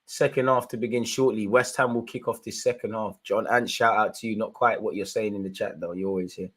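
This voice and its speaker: Excitable man reacting live to football. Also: on the low side, a little fast, husky. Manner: animated, slangy, shouts at the referee in bursts. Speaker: live match watchalong host.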